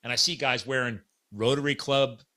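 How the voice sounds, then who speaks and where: A middle-aged man hosts a podcast, his mid-range voice moving at a moderate pace. He tells a story in casual chat, animated throughout, and acts out the quoted dialogue.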